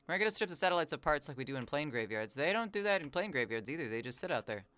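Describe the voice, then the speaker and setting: A variety streamer chats casually while gaming, rambling playfully, wandering into musing asides and firing off quick exclamations in response to chat. The voice is medium in pitch, sing-song and a bit bright, with no room sound.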